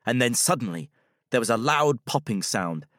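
Male storybook narrator, measured and expressive, dry close sound. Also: mid-range voice, no room sound.

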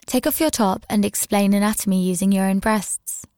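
In an audio story, a woman plays a commanding, smug male university lecturer, speaking calmly and instructively in a lightly acted way. Her voice is mid-range at normal speed, in a dry, studio-quality recording.

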